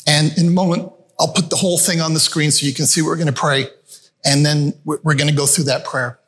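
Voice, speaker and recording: Speaking fast with a flat delivery, this pastor has a fairly high, slightly bright voice. He preaches conversationally in a church meeting room with a screen, telling stories and addressing his audience as friends.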